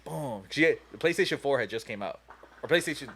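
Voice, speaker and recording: A man's voice: medium pitch, expressive, fast, a bit bright, slight background noise. A young man on a podcast telling a long, profane story in a rambling way, full of "you know" and "like.". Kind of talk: casual storytelling chat.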